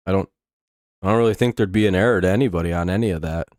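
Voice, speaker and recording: A young man hosts a live baseball watch-along stream, chatting casually but also ranting in exasperation and swearing heavily at negative chatters. He talks at a racing pace in a deep, slightly mellow voice. The recording is studio quality with no echo.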